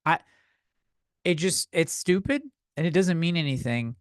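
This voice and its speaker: A man's voice: a little high, lively intonation, a little slow, no echo, studio quality. A young man hosting a comedy podcast, ranting in a loose, profane, slightly tipsy way and a bit out of breath. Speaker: podcast host. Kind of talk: rambling comedic rant.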